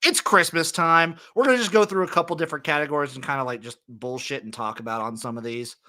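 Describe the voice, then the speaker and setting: A man's voice: on the high side, fast, pushed and bright. A man hosting a casual podcast, trading loose, swearing jokes with his co-host. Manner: joking, swearing, loose banter. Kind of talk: casual chat.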